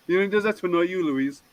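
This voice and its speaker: A man's voice: sits high, slight background noise, rough recording. A man hosting a casual group video hangout, chatty and teasing, laughing often. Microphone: video call.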